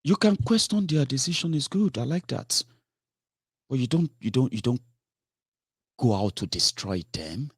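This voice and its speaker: A man's voice: mid-range voice, expressive, normal speed, pauses often, breathy edge, no room sound. Exasperated man in dry sound. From Nigeria. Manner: rising to exasperated outbursts, repeats himself, restarts. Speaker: political commentator. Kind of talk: impassioned spoken commentary.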